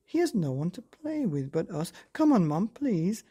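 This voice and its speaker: Man voicing a little boy, lively and pleading, husky mellow tone. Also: high voice, a little slow, voice pushed up, full character voice. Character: small cheerful boy.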